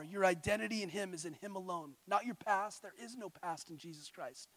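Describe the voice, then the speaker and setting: A man from California with a high-pitched voice preaches a sermon in his thirties. He moves between hushed, intimate confession and loud, rousing calls to the congregation. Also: a little fast, hardly any pauses, dry recording. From California, USA. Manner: passionate, swings from quiet intimate tones to loud exhortation.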